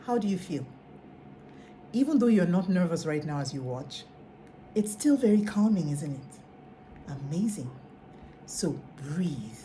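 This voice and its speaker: A woman coaching on public speaking, guiding listeners in an instructional video with a deliberate delivery. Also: on the low side, animated, dark tone, a little hiss or hum.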